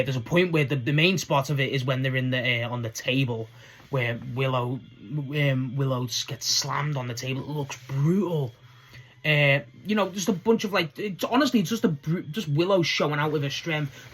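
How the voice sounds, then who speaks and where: A man's voice: mid-range voice, fairly bright tone. A man giving a casual solo recap of a wrestling show, rambling enthusiastically and swearing now and then.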